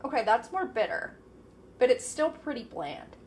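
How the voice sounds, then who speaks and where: A woman's voice: a little high, very animated, moderate pace, a little mellow, a little hiss or hum. A woman hosting a casual podcast, thinking aloud with lots of fillers as she eats, sometimes talking with her mouth full. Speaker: podcast host. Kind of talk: casual solo chat.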